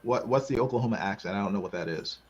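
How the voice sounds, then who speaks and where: A middle-aged man, a guest, chatting casually with a laughing, expressive manner. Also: lowish voice, racing, husky, muffled recording. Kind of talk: casual chat.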